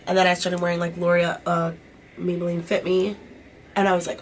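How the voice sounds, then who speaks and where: A woman's voice: fairly low pitch, little pitch movement, fairly quick, slight background noise. A young woman vlogger chatting casually while doing her makeup, swearing freely and filling her talk with "like". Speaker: beauty vlogger.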